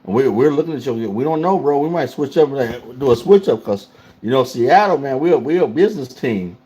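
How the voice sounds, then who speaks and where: A man's voice: mid-range voice, animated, fairly quick, mellow, husky. A man hosting a casual livestream, talking loosely and in slang straight to his chat. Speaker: livestream host.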